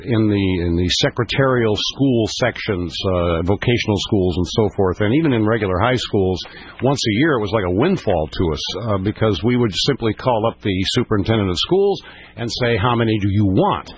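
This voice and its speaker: An older man hosting a call-in radio talk show, halting and repeating words, his pitch climbing when he gets emphatic. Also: animated, slightly rough, no room sound. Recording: dull lo-fi radio broadcast.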